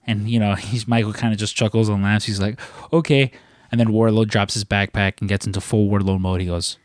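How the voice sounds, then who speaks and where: A man's voice: fairly low pitch, little pitch movement, brisk, dry recording, clean studio sound. A young man hosting a podcast, telling a rambling story with lots of fillers, restarts and casual swearing. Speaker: podcast host.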